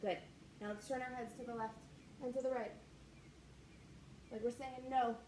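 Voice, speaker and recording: A young woman with a fairly high voice runs a kids' martial arts warm-up, calling out moves in a bright, sing-song coaching tone. She is recorded in an echoey room with a faint hum of ambient noise behind her. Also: steady tone, normal speed. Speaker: kids martial arts instructor. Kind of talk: leading a children's exercise class.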